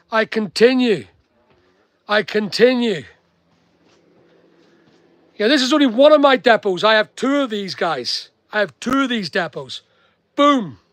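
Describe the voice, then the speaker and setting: A man's voice: sits high, a bit bright, no room sound, poor audio. An older man with a British accent, chatting bluntly on a livestream from his stock depot and reading out viewer comments. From United Kingdom. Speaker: online seller livestreaming. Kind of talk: casual livestream chat. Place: stock depot at a packing table.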